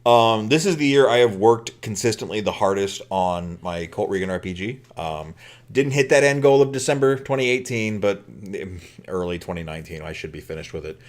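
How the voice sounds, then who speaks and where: Man, low voice, lively pitch, casual podcast co-host, jokey. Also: fairly quick. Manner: animated, laughs often, joking. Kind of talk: casual chat.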